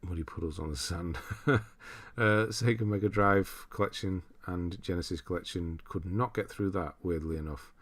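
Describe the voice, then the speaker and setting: A man's voice: sits low, normal speed, a bit bright. A man casually chatting on a livestream, thinking aloud and laughing as he reads through viewers' lists. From United Kingdom. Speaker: streamer.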